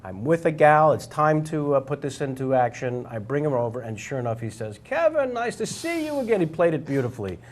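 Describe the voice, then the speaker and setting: A man's voice: mid-range voice, brisk, hardly any pauses. A man who is a celebrity guest, telling a comic anecdote on a game show and acting out the quotes. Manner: animated storyteller, acting out quotes.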